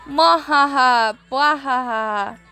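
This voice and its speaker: A woman's voice: fairly even intonation, fairly bright tone, clear, resonant tone. A woman voicing a cruel, gloating female monster who laughs at her victims, with faint music behind. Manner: booming stage laugh, slow and gloating.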